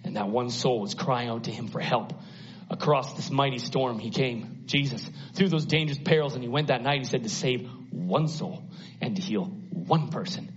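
A man preaching a sermon at a church service, dramatic, acting out the voices in the story and swinging from hushed to loud. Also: medium pitch, moderate pace, slight background noise. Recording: dull lo-fi sound.

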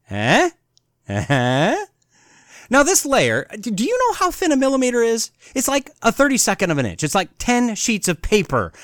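A man's voice: sits high, dry recording, clean studio sound. A man hosting a podcast, sarcastically mocking an article as he reads quotes from it aloud. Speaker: podcast host.

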